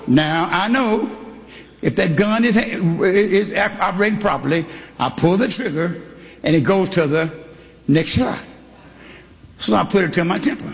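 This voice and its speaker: An older man preaching a sermon, telling a story and shouting to a congregation in call-and-response. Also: high voice, unhurried, vocal fry, long pauses. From Texas. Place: church hall. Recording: live in a reverberant church with congregation.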